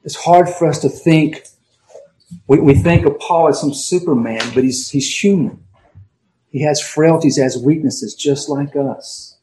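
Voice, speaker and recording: A male pastor preaching an emphatic sermon, slowing down and swinging between loud stresses and quiet asides. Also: on the high side, poor audio. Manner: emphatic preaching with dramatic pauses and swings in volume.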